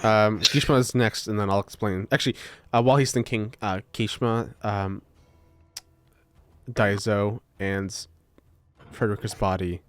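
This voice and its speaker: A man's voice: lowish voice, fairly even intonation, a little slow, fairly bright tone, smooth, no room sound. A man running a tabletop game as game master, hesitant and full of ums and uhs as he rules.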